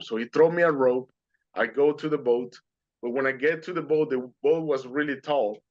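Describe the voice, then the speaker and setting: A man's voice: medium pitch, normal speed. A man giving a heartfelt personal storytelling talk, earnest and emotional, with simple phrasing. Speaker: guest speaker sharing his near-death story. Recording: slightly dull lo-fi recording.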